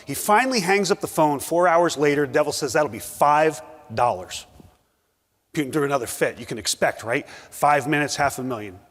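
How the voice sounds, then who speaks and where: A man's voice: on the high side, quick pace, few pauses, fairly bright tone. A middle-aged man giving a casual, joking talk at a conference, full of fillers. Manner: joking, conversational, many fillers. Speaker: conference speaker. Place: conference hall. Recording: reverberant hall.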